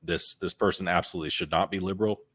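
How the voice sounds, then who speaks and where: A podcast co-host with a very low male voice tells stories in a relaxed, casual conversation. His delivery is unhurried in feel yet fast, and he repeats words as he searches for his next thought.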